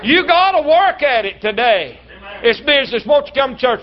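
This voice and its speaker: A man preaching a sermon in a folksy way, acting out little dialogues and sometimes breaking into shouts. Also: extremely high pitch, very animated, normal speed. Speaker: traveling preacher. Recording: slightly dull lo-fi church recording.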